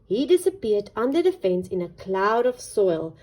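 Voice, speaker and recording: A woman's voice: mid-range voice, sing-song, moderate pace, a little mellow. A woman reading a children's picture book aloud, playful and chatty with her young listeners. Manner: playful, mixing in chat to children. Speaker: storyteller.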